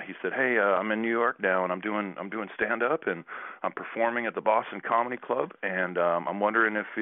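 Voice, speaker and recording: A man's voice: low-pitched, dry recording. A man from Canada, a guest telling a long casual anecdote with restarts and acted-out quotes. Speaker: guest, former basketball player. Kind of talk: casual storytelling. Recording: tinny phone line, dry.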